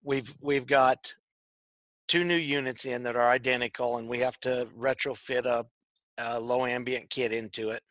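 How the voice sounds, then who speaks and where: A man's voice: mid-range voice, steady tone, moderate pace, a bit bright, no echo. A man co-hosting a casual tech chat show, rambling and repeating his words. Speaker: podcast co-host. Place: tech shop.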